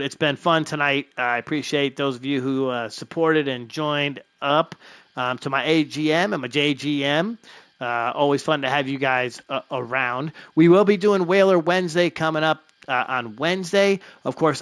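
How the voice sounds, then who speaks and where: A man's voice: on the high side, a bit bright, smooth, no echo. A man hosting a live stream of a baseball franchise game, talking loosely with lots of fillers and little chuckles. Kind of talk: casual live-stream commentary.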